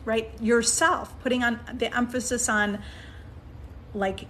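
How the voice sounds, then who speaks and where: Coaxing woman coach, slightly high voice. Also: steady tone, slow, a bit bright, slight background noise. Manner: coaxing, checks in with frequent "okay?" and "right?"; restarts sentences while thinking aloud. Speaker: manifestation coach. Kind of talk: casual coaching talk.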